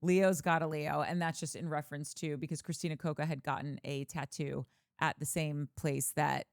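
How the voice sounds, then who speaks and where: A woman's voice: low-pitched, level tone, normal speed, gravelly, no echo, clean studio sound. A woman co-hosting a podcast, chatting casually and reading out listener comments. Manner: chatty, reads comments aloud. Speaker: podcast co-host.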